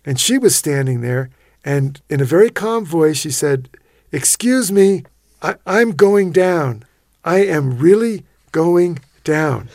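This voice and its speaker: A man recounting an expedition as an interview guest, his voice pitched in a middling range. He tells it vividly and with animation, stumbling into restarts as he goes. The studio sound is dry and close. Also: darkish tone, no echo. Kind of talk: storytelling in a radio interview.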